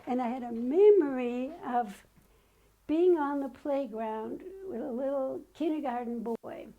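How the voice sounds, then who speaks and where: The rough recording carries a high-pitched, dark-toned voice at a measured pace. It belongs to an older woman guest sharing personal stories chattily and acting out what people told her.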